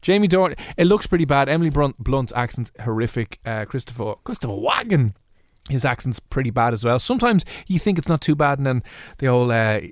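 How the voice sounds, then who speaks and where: A man's voice: medium pitch, big pitch swings, brisk, no room sound, clean studio sound. A man with an Irish accent co-hosting a radio show, chatting casually and mocking bad film accents. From Ireland. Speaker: radio co-host. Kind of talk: casual chat.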